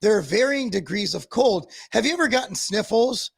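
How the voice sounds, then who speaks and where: A man ranting on a live-stream talk show, sarcastic and mocking. His voice sits high and carries a heavy gravelly fry. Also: expressive, moderate pace. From Tennessee. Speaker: podcast co-host.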